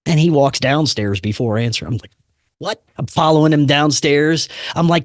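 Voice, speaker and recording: A man hosting a podcast, telling a personal story in a casual, animated way, acting out the voices he quotes and dropping "man" and "dude" often. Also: mid-range voice, normal speed, dry recording, clean studio sound. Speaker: podcast host.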